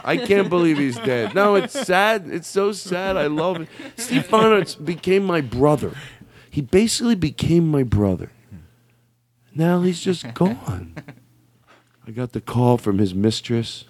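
A man's voice: on the high side, sing-song, normal speed. A man hosting a comedy podcast, riffing in loose, profane, jokey banter. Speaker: podcast host.

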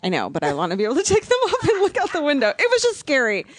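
Blunt, impatient woman with swinging pitch, recorded close and dry. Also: huge pitch swings, rapid-fire, no room sound. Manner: blunt, impatient, swears a lot. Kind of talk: casual chat.

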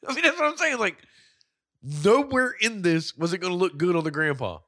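A man's voice: high-pitched, expressive, normal speed, bright, forceful tone. A man co-hosting a casual movie chat, swearing, joking and often laughing while acting out silly lines. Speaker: podcast co-host.

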